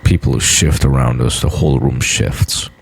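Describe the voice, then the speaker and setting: A man's voice: very deep voice, steady tone, normal speed, vocal fry, a little hiss or hum. A man in a boastful, blunt, profane monologue to camera. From United States. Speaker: vlogger.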